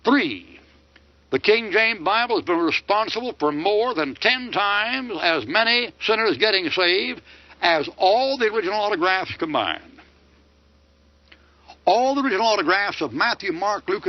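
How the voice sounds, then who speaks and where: Older man, combative preacher, high animated voice, dull lo-fi sound. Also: no echo. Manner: combative, rhetorical questions with mocking answers. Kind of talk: sermon lecture. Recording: dull lo-fi dry recording.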